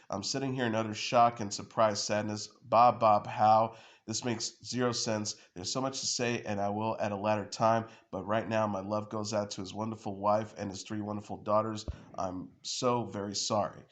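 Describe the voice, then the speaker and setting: A man with a somewhat low voice hosts an entertainment news report. He reads headlines and quotations in a plain delivery. He stumbles now and then, filling gaps with "uh" and restarting words. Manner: reads news and quotes with frequent uh fillers and restarts.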